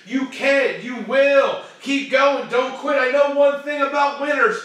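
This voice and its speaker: A man hosting a show and giving a fervent, preachy motivational pep talk that swings from shouting to hushed tones. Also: very high voice, unhurried, heavy reverb, distant mic. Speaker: motivational live-stream host.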